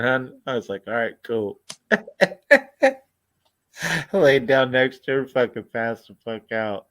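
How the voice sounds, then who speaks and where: A man's voice: medium pitch, a little slow, long pauses, no room sound. Laid-back cursing man telling stories. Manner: laid-back, profane, laughs through his stories. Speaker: storyteller. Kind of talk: casual storytelling chat.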